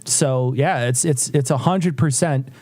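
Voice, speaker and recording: A man co-hosting a casual livestream chat, animated, laughing often and swearing casually. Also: medium pitch, unhurried. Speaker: podcast co-host.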